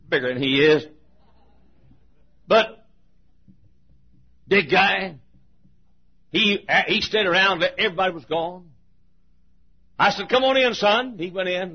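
A man preaching a sermon, telling emotional stories with many repetitions and swings between loud and hushed. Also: a little high, husky. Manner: emotional storytelling with repetitions, shifting volume. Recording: dull lo-fi sermon recording.

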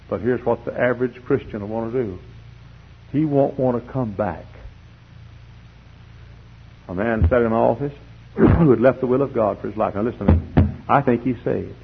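A man preaching a fiery sermon in church, swinging from hushed pleading to shouting. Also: medium pitch, moderate pace, gravelly, pauses often, breathy edge. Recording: dull lo-fi tape recording.

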